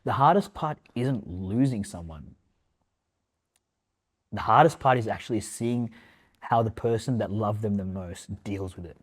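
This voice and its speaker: A lowish male voice talking openly as a podcast guest. He is reflective and halting, pausing and filling gaps with casual words as he works through his thoughts in a relaxed back-and-forth. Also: breathy edge. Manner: reflective, halting, heavy use of fillers like "man" and "like". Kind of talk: casual emotional conversation.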